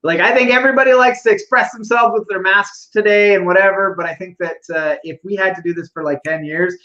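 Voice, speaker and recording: A Canadian man chats on a podcast in a high, edgy voice, feeling his way through points with lots of pauses and fillers. His sound is dull and lo-fi, as if from a cheaper microphone. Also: fairly even intonation, bright, forceful tone. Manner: halting, thinking aloud with many fillers. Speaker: podcast co-host. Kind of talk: casual chat.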